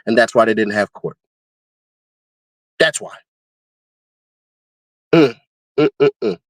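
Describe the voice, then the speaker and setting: This male host of casual commentary takes things slowly, though he stays animated, laughs frequently, and now and then lets out high-pitched screaming bits. There is no room sound.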